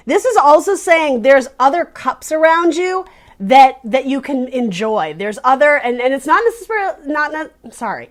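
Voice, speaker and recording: A woman with a slightly raised voice talks through a tarot reading in a casual, searching way. She speaks straight to the viewer and often restarts her phrases while she finds the right words. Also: sits high. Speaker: tarot reader.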